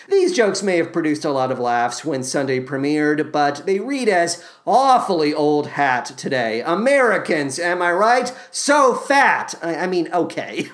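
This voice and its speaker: Wry, animated man hosting a podcast. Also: on the high side. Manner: wry, sarcastic asides. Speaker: podcast host. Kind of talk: scripted theater review podcast.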